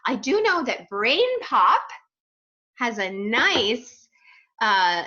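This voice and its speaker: A woman in her forties talks casually to her class as their teacher, playful and chatty. Her voice sits a little high. The sound is muffled and lo-fi. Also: very animated, drawn-out words, pushed and bright. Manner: chatty and playful, speaking straight to children. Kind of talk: casual talk to pupils after a read-aloud.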